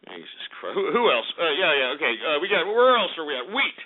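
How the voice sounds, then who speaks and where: A man's voice: a little high, sing-song, quick pace. A man hosting a radio show, ranting about market prices in a crude, insulting, exasperated way and muttering irritated asides. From Texas. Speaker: radio host. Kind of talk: abrasive comedic market rant. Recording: narrow phone-like radio audio.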